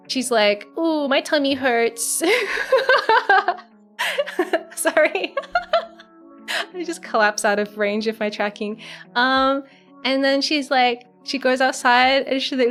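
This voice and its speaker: A young woman streamer chatting casually and rambling through a story, with lots of fillers and giggles. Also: high-pitched. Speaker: virtual streamer. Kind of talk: casual live-stream chat. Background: soft background music.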